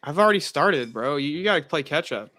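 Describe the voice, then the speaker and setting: A man's voice: on the high side, lively intonation, a little fast, pushed and bright. A young man in a heated casual debate, brash and swearing, rambling with restarts.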